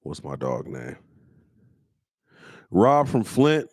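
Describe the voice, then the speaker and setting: A man's voice: low voice, very animated, extremely slow, gravelly, darkish tone, slightly rough, no room sound, clean studio sound. A man hosting his own comedy show, roasting viewers' comments in loose slang and breaking into laughter. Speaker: comedian host.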